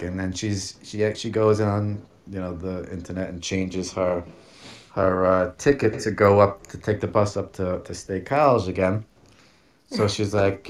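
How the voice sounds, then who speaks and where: A man casually telling a personal story on a podcast, swearing freely and laughing as he talks. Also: on the low side. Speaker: podcast host.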